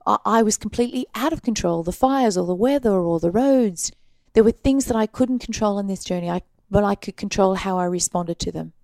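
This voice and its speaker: An Australian woman guest telling her stories in a casual interview, animated and laughing often. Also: mid-range voice, fairly quick, dry recording. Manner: animated storyteller, laughs often, acts out quoted voices.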